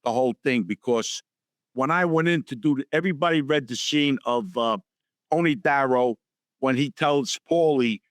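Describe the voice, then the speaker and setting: A man's voice: mid-range voice, moderate pace, dry recording, clean studio sound. A middle-aged man, telling stories as a guest and acting out the people he quotes. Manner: animated storyteller acting out quotes in voices. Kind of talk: storytelling interview.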